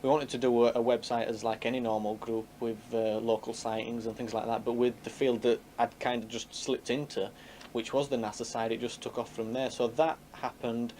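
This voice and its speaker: A man's voice: mid-range voice, level tone, fairly quick, a little mellow, slight background noise. A man who founded a UFO group, talking in a rambling, casual interview with many fillers.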